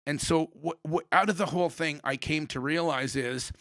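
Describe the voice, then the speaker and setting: A man's voice: a little high, moderate pace, a bit bright, no echo, studio quality. A man hosting a podcast, telling a rambling story in casual chat and swearing now and then. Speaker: podcast host.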